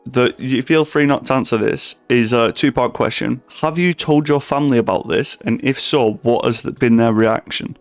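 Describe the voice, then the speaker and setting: A man's voice: medium pitch, moderate pace, few pauses. A man hosting a casual interview, enthusiastic and often stumbling over his words. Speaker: host interviewer.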